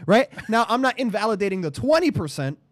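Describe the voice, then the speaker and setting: A man co-hosting a podcast in casual chat, bantering and often letting his words trail off softly. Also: high-pitched, big pitch swings, fast, no room sound. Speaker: podcast co-host.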